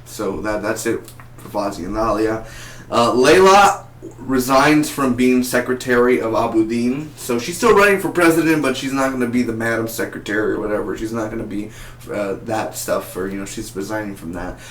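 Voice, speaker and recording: A man giving a casual spoken review of a TV episode, excitable and rambling, often repeating and restarting his words. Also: lowish voice, normal speed, slight background noise. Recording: echoey home room.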